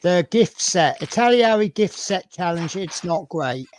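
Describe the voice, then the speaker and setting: With a broad Norfolk accent and a high-pitched, animated voice, a man chats casually with a fellow modeller on a live stream. He tells stories a little slowly and restarts often, with slight background noise in the recording.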